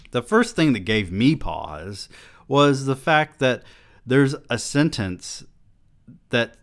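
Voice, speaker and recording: A man's voice: lowish voice, fairly bright tone. A man hosting a podcast, reviewing a novel in casual, sarcastic commentary and reading passages aloud. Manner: sarcastic, mocking. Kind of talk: casual critical commentary with read-aloud excerpts.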